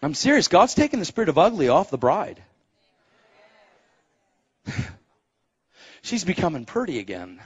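Animated preacher man, lively swooping voice. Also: fairly high pitch, measured pace, pauses often, breathy edge. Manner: animated, emphatic storytelling with sound effects. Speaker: evangelist. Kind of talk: testimony sermon. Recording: dull, muffled recording.

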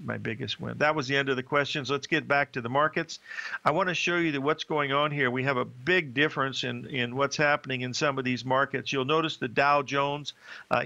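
A man's voice: mid-range voice, vocal fry, sharp tone, lo-fi sound. An older man hosting a market show, talking in a rambling, folksy way with many fillers. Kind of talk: casual market commentary and storytelling.

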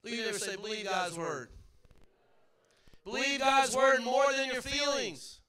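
High, bright-voiced fervent preacher man. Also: brisk. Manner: fervent preaching with call-and-response, at times shouting. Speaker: pastor. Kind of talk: sermon. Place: church sanctuary.

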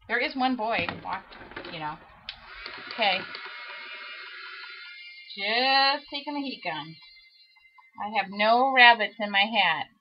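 Woman, middle-aged, live craft tutorial, chatty, self-mocking, faint hiss behind her. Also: medium pitch. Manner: chatty, self-mocking, talks to herself while working. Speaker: craft demonstrator. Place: craft studio. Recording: dull lo-fi livestream audio with faint hiss.

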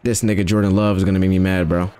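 A young man giving casual, excitable commentary while playing a video game, trash-talking and exclaiming as he plays. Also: low-pitched, fast. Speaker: gamer. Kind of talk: live gameplay commentary.

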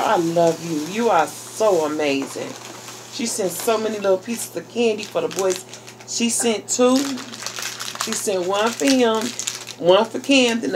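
In a casual unboxing video, a female YouTuber with a mid-range voice talks right to her audience over some background noise. She's gushing and exclamatory, delighted by each thing she opens, and keeps calling viewers "y'all" and "girl."

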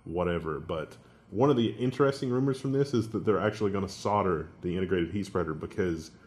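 Low-voiced man explaining tech news. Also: quick pace, a little mellow. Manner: knowledgeable, explains hardware details. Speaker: news show co-host. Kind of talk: casual tech news chat.

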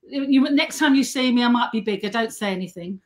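A middle-aged woman telling self-mocking anecdotes in a casual chat, chatty and quick to laugh. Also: a little high. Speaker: guest and model.

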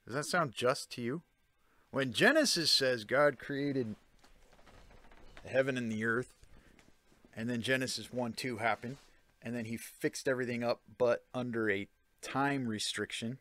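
Here a self-taught commentator on ancient texts talks through an explanation conversationally, with fillers and restarts, repeatedly asking "Okay?" and "Right?". He speaks a little slowly with long pauses, in a medium-pitched voice with a sharp tone.

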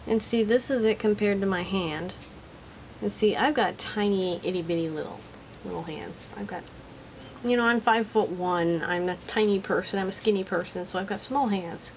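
A woman's voice: medium pitch, normal speed, a little hiss or hum, poor audio. A woman casually reviewing a product at her home desk, chatty, giggly and self-deprecating.

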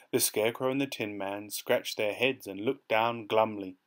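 A man reading a children's story aloud with expressive storytelling. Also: fairly low pitch, normal speed. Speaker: storybook reader.

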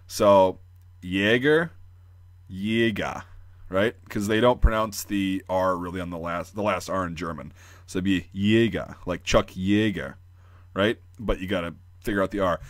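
A young American man talks casually with a lowish voice, rambling on and freely sharing his opinions. The sound is dry and close, with no room echo. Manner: rambling, filler-heavy, opinionated. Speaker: militaria channel host. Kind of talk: casual explainer talk.

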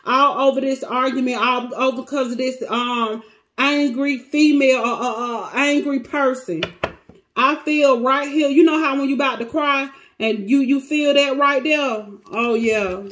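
Her voice is high, a bit bright, and steady, and she takes her time. She's a tarot reader giving viewers a casual, emotional session while near tears. She addresses both the cards and the viewers in a dramatic way.

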